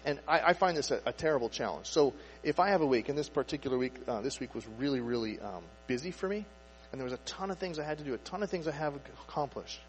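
A man preaching a sermon in a relaxed, conversational way, asking rhetorical questions and acting out people's inner thoughts. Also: fairly high pitch, fast, soft background music. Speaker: pastor. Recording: echoey hall with faint mains hum. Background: faint mains hum.

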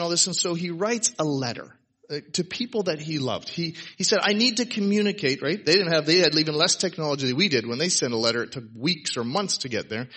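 A pastor with a high, sharp voice and a breathy edge delivers a casual, emphatic sermon to his congregation at a church service. He keeps it conversational, throwing in "right?" asides as he preaches.

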